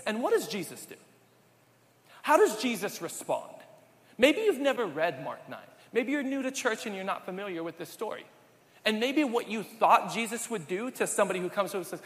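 A male pastor with a high, very lively voice preaches in a conversational way and often puts questions to the congregation. His voice rings with a long reverb from a large church hall. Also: brisk. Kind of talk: sermon.

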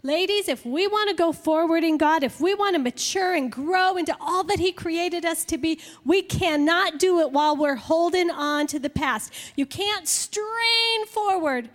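A woman teaching a sermon to women, slow and emphatic, with playful acted-out examples. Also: very high voice, big-room sound.

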